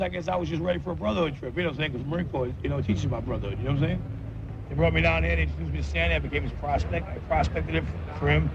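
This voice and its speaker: Brief: fast, casual male interviewee outside, lo-fi film sound, street noise behind. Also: on the high side. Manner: casual, keeps asking "you know what I'm saying?". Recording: muffled old film audio with outdoor noise.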